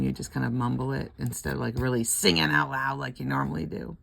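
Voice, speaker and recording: Gravelly low-voiced older woman chatting. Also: very animated, fast, fairly bright tone. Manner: chatty and rambling, laughs often, murmurs letters half under her breath. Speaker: scratch-off lottery vlogger. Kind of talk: casual chat while scratching tickets.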